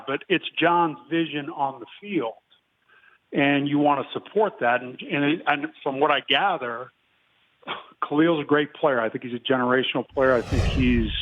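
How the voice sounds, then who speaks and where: Man talking football over a tinny phone. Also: medium pitch. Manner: measured, clears throat often, self-correcting. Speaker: interview guest, football analyst. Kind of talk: casual phone interview.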